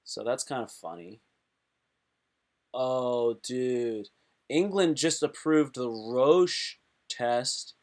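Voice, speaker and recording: A man hosting a casual live stream, excitable and rambling, often breaking off mid-thought. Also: medium pitch, drawn-out words.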